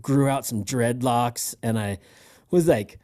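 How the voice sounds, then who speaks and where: A man's voice: medium pitch, takes it slowly, warm tone. A man co-hosting a casual podcast chat, rambling with frequent laughs and restarts. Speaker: podcast co-host.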